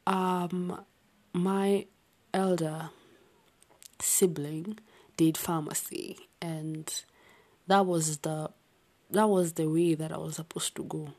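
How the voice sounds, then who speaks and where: A young woman with an accent, rambling about her life late at night in a soft, often half-whispered voice with sighs and restarts. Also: deep voice, fairly even intonation, slow, long pauses. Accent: unnamed non-native-sounding accent. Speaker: vlogger.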